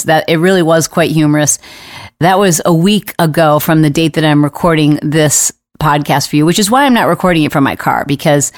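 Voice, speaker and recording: A middle-aged woman hosting a podcast, telling a story in a casual, animated way and laughing now and then. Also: deep voice, no room sound, clean studio sound. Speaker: podcast host.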